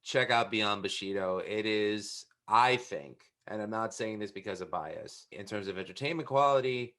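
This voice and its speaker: A man's voice: on the low side, moderate pace, bright, forceful tone. A man hosting a podcast in casual chat, opinionated and blunt, swearing freely. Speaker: podcast host.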